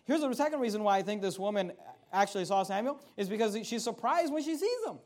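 High-voiced man preaching with emphatic swings. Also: expressive, fast talker. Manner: emphatic, rises and falls sharply in loudness, rhetorical questions. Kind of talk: sermon, Bible exposition.

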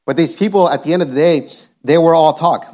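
A man's voice: a little high, brisk, darkish tone. A male preacher delivering an emphatic sermon, reading scripture and driving points home by repeating them. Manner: emphatic, repetitive, quotes scripture.

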